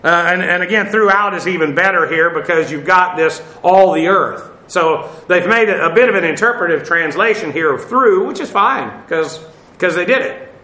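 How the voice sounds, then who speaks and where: A man's voice: sits high, normal speed, pushed and bright, roomy sound, low-quality recording. A man teaching a verse-by-verse Bible study, spelling out Greek words letter by letter with many fillers and chuckling at his own jokes.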